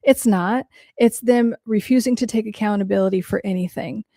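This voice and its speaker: A frank woman host talks through listener questions in a loose, conversational podcast style. Her voice has a steady gravelly creak, and she curses without a second thought. The sound is close and dry, with no room echo. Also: mid-range voice, normal speed. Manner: blunt and frank, swears casually, heavy use of "like". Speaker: mental health podcast host who works with clients. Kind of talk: casual podcast talk answering listener questions.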